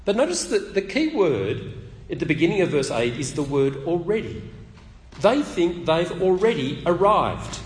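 A man preaching a sermon at a public meeting, talking conversationally and asking his listeners questions. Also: a little high. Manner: conversational, asks the audience questions. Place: meeting hall. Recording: echoey hall with long reverb.

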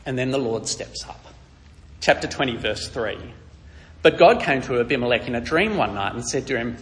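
Animated male Bible teacher, echoing hall. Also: mid-range voice, moderate pace. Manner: lively storytelling with wry asides. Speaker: preacher.

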